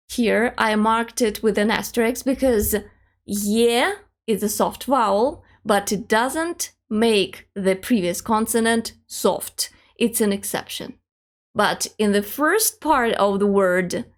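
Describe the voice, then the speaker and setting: A woman teaching an online language lesson, demonstrating pronunciation slowly and carefully. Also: medium pitch.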